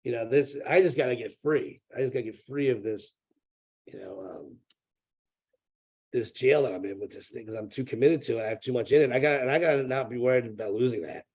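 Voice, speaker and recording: A man's voice: medium pitch, quick pace, a little mellow, husky, muffled recording. A man, a real estate broker, is a guest in a casual interview over a remote call. He rambles, repeats words and swears freely.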